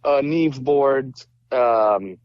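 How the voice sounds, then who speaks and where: A male musician from Romania chatting as a podcast guest, telling lively stories and acting out what people said. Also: medium pitch, very slow, clean tone, dull audio. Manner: animated storyteller, acts out quoted dialogue. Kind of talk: casual interview chat.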